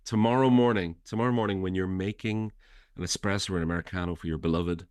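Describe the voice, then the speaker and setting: A man with a very low, deep voice speaking in a reflective, hesitant way, often restarting his sentences and laughing easily. He talks films in casual chat. The sound is close and dry. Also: fairly even intonation, quick pace, a little mellow, clean tone, dry recording. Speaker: podcast co-host and author.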